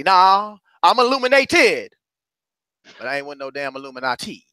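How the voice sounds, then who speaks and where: A middle-aged motivational courage coach delivers a fiery, sermon-like message, swinging between loud calls and hushed, low asides. His high voice is bright and forceful, with big pitch swings at normal speed. The recording is dry and close, with no room sound or echo.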